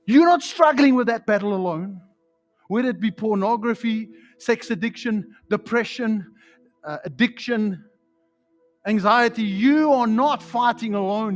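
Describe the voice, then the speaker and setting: Man preaching a sermon, New Zealand accent, high voice, fiery and excitable, slangy, soft music behind. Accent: New Zealand English. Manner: fiery, excitable preaching with shouted peaks and sudden hushed stretches; casual slang, calls listeners bro and man. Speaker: pastor. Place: church hall.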